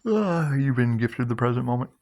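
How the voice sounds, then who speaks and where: A man hosting a loose, repetitive spiritual monologue, laughing often and swearing, sometimes dropping to a hushed guiding tone. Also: medium pitch, fairly even intonation, moderate pace, creaky. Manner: drops to a hushed guiding tone for meditation cues. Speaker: spiritual video host.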